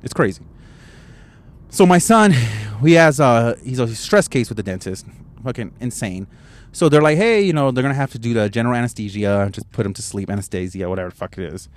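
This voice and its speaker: A man's voice: mid-range voice, animated, fast talker. A man hosting a casual solo podcast, recorded in his parked car at a gas station with a handheld microphone, talking in a profane, rambling storytelling way. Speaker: podcast host. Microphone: handheld microphone, wearing headphones.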